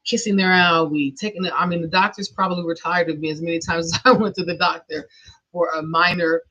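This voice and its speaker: A woman's voice: lowish voice, steady tone, brisk, pushed and bright. A middle-aged woman hosting a podcast, telling a personal story in an earnest, emotional way with nervous laughs, on a dull lo-fi recording. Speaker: podcast host. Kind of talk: personal monologue.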